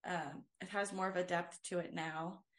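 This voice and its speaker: In casual chat on a faith podcast, a young co-host and worship leader tells a personal story, earnest and meandering, leaning constantly on "like" and "um." Her voice is on the low side and fairly bright, with a steady tone and moderate pace.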